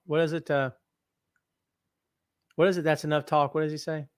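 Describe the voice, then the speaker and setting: A man hosting a wrestling talk stream, reading viewer comments aloud and talking to his audience with animated, self-mocking chatter. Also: a little high, brisk, pauses often, no echo, clean studio sound. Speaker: host.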